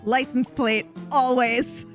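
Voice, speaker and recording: Woman, young adult, streamer, casual live-chat storytelling, lively and profane, slightly high voice. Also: takes it slowly, faint music behind. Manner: animated, swears freely, breaks into laughter.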